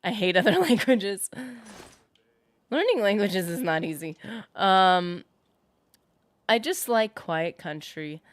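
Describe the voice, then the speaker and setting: A woman's voice: mid-range voice, lively intonation, slow, pauses often, dry recording. A woman streaming a game, chatting casually with viewers in a rambling way, full of fillers, and reading out chat comments.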